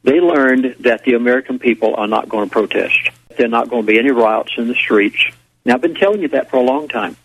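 A man hosting a talk radio show, lecturing emphatically and slowing down to stress his points. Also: mid-range voice, slightly rough, no echo. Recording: dull lo-fi radio audio.

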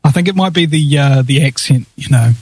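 A man's voice: a little high, fairly quick, a little mellow, slightly rough, dry recording. A man with a New Zealand accent hosting a talk radio show, joking and rambling with many fillers. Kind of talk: casual radio chat.

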